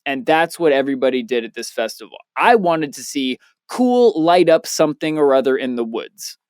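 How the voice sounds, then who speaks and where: A young man co-hosting a podcast in casual chat, telling stories loosely and excitedly with plenty of swearing. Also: mid-range voice, moderate pace, clean tone, no room sound, studio quality. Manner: loose, profane, excitable storyteller. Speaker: podcast co-host, DJ.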